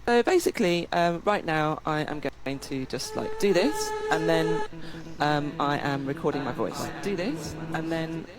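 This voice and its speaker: A musician casually demonstrating gear, halting with many ums. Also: mid-range voice, big pitch swings, poor audio. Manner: hesitant, lots of ums, trails off.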